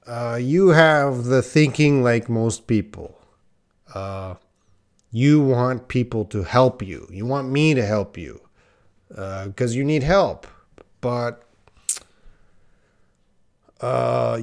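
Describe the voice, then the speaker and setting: A man teaching English on a live stream, reading out viewer questions and answering them bluntly. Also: mid-range voice. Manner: reads viewer questions aloud and corrects them, blunt and direct.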